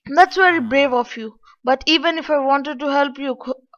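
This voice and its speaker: A woman's voice: high-pitched, normal speed, fairly bright tone. A woman reading out the lines of a helpful old male wizard in a game story. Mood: explaining. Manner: helpful, explaining. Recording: dull lo-fi.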